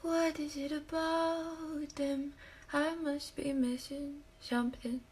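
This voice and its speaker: A woman singing impressions of female pop singers, with a breathy voice and sliding notes. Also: sits high, flat delivery, takes it slowly, darkish tone, pitched above the performer's own voice. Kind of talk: sung impressions.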